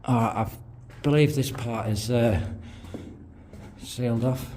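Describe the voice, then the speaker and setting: A man's voice: mid-range voice, takes it slowly, darkish tone, a little hiss or hum. A man guiding viewers through underground tunnels in a matter-of-fact, casual way, swearing now and then. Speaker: urban explorer guide. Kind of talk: casual walkthrough narration.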